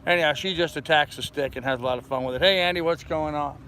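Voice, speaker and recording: A man's voice: on the high side, fast, bright, forceful tone, low-quality recording. An older man vlogging casually from his boat outdoors in a marina, rambling and greeting passing neighbors. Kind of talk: casual chat to camera. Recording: wind noise outdoors by the water.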